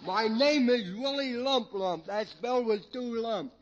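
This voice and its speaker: Brief: a drunk bum, high voice, slow slurry drawl, dull hissy old radio sound. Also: male voice. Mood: tipsy. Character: boozy down-and-out man, wisecracking and slow. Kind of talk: 1940s radio comedy acting.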